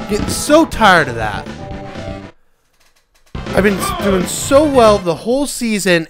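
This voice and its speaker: Brief: young male let's-player, lively up-and-down delivery, slightly high voice, video game music behind. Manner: excitable, grows frustrated and shouts at the game. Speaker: let's play gamer. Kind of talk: casual gameplay commentary.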